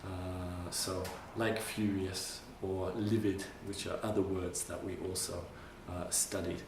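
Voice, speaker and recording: A male English teacher giving a classroom lesson, patiently repeating phrases slowly for his learners. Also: low voice, flat delivery, noisy background. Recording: roomy classroom sound from a distant mic.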